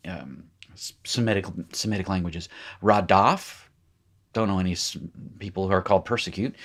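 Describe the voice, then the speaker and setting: A man with a somewhat low voice teaches a recorded language lesson. He talks casually and drops in little jokes as he walks through examples. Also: a bit bright. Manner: chatty, joking asides. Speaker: Hebrew teacher. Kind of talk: recorded lecture.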